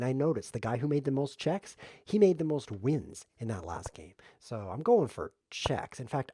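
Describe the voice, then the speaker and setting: A man's voice: mid-range voice, dark tone, husky, no room sound, clean studio sound. A man streaming a chess variant, joking and mocking himself as he calls his own moves. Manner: jokey self-mocking play-by-play, laughs often. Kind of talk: casual live game commentary.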